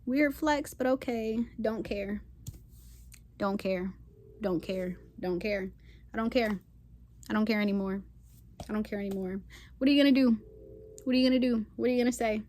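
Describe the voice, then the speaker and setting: A woman's voice: medium pitch, normal speed, pauses often, darkish tone, slight background noise. A woman hosting a spiritual channel, ranting to camera in a sassy, defiant way with casual slang and emphatic repeated phrases. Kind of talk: impassioned unscripted rant to camera.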